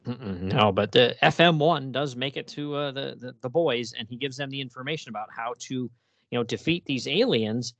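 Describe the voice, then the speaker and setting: A man's voice: medium pitch, normal speed, fairly bright tone, no room sound, highs cut off. A man hosting a podcast, chatting casually and with enthusiasm, laughing often and restarting his sentences. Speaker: podcast host. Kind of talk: casual chat.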